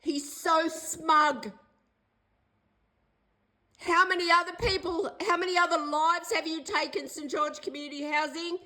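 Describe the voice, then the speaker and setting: Agitated high-pitched Australian woman. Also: fairly even intonation, unhurried, long pauses, bright, forceful tone, low-quality recording. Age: older. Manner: agitated, pleading and accusing, repeating phrases. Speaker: vlogger. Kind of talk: distressed direct-to-camera plea.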